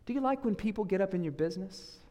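A man with a Southern US accent preaching a sermon as a guest preacher, conversational and animated, acting out voices he quotes. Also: sits high, fast. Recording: echoey hall reverb.

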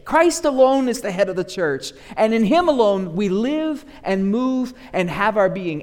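A man preaching with animated, rising emphasis and a slightly high voice. His words ring out with a long reverb, as in a church sanctuary. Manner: animated preaching, acts out grumbling church members in asides. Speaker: pastor. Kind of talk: sermon.

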